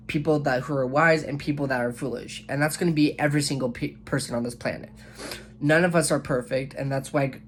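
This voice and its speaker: A man's voice: medium pitch, slight background noise. A young man hosting a casual online Bible study, reading verses aloud and explaining them earnestly, often stopping to correct himself. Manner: earnest, with frequent self-corrections and restarts. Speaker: YouTube Bible study host.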